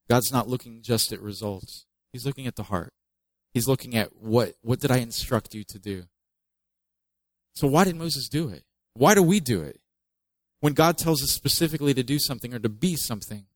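A man's voice: mid-range voice, no echo, poor audio. A man preaching a sermon in a conversational way, reading scripture aloud with emphasis and adding joking asides. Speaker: pastor.

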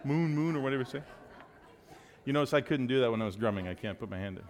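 A man's voice: mid-range voice, racing. A man, a pastor, giving upbeat, joking church announcements to his congregation. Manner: joking, upbeat, loose with fillers. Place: church sanctuary. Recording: long reverb of a large hall.

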